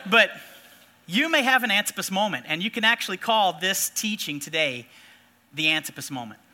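Man preaching, high and very bright voice, animated storyteller; pastor delivering a sermon. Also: moderate pace. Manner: animated, acts out shouting figures in his stories.

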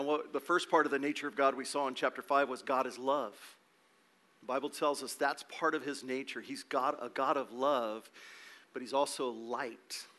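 A man's voice: mid-range voice, bright, forceful tone. A man preaching a sermon as pastor, emphatic, asking rhetorical questions and repeating words as he goes.

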